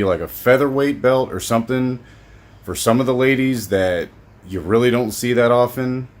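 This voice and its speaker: A man's voice: low voice, slight background noise. A man leaving a recorded question for a podcast, talking in a rambling, casual way. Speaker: caller leaving a voice message.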